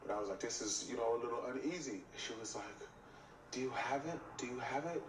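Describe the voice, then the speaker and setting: A man tells a story in a lively way, voicing both himself and the other person and saying "I was like" again and again. His voice is in the middle range and sounds roomy and a little distant. A faint hum of the room sits under the recording. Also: mid-range voice, quick pace. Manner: acts out both sides of the dialogue, often repeating "I was like". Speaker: reality TV cast member telling a story. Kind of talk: animated storytelling. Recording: echoey room, mic at a distance, faint ambience.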